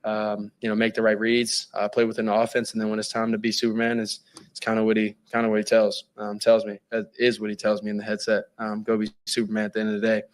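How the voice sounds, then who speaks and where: A man answering at a press conference, halting and hesitant, with many fillers as he talks. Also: lowish voice, completely flat delivery.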